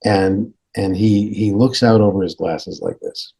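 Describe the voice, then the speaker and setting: Husky man telling a story. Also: fairly low pitch, a little slow, dark tone. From Canada. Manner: hesitant restarts, acting out dialogue. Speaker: guest storyteller. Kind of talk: animated anecdote telling on a podcast.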